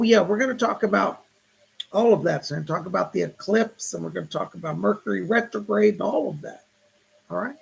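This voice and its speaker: A man's voice: sits high, vocal fry, a bit bright, breathy edge. A man hosting a casual livestream as a psychic, chatting to viewers and greeting names from the chat.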